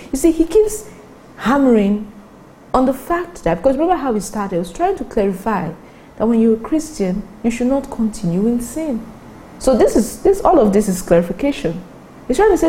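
Woman preacher, mellow and warm, teaching scripture with animated, pitch-jumping emphasis. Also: normal speed, low-quality recording. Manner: animated, rising sharply in pitch for emphasis, asks listeners if they follow. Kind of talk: sermon teaching from the Bible.

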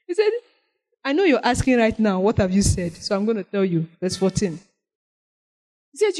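A woman preaching a sermon, reading scripture slowly and then pressing her points with animated emphasis. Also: on the high side, rough recording.

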